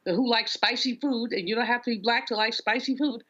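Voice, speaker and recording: Woman pundit, blunt and amused, slightly high voice, dull remote feed. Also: a little fast, pushed and bright. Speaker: panel guest. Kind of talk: political discussion.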